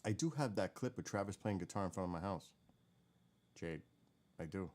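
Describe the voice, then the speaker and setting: A man's voice: sits low, animated, normal speed, a little mellow. A man hosting a live stream, chatting casually and candidly as he reacts to old clips. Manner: rambling, candid, swears now and then.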